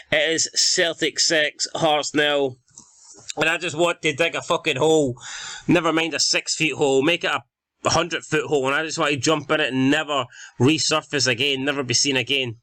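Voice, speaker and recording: Calling the action in his football management game, a young Scottish YouTuber gets exasperated and swears. His voice is a little high, pushed and bright, recorded dry.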